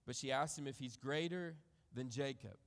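A man preaching a sermon, reading scripture aloud and reflecting on it in a measured way that trails off softly at the ends of phrases. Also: medium pitch, creaky, long reverb tail. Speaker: pastor.

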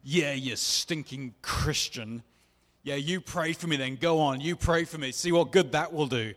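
A man's voice: a little high, a little slow, a bit bright, big-room sound. A preacher acting out a hostile older man who taunts and mocks him. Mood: mocking. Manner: jeering, taunting. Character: hostile sneering older man, cursing and mocking.

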